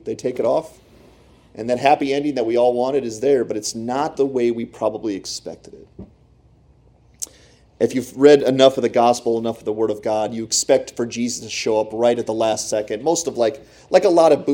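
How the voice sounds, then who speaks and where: Man, pastor, sermon, warm low tone, chatty asides to the congregation, loud-to-hushed swings. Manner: animated storytelling, rising and dropping to near whispers; talks to the congregation directly with asides.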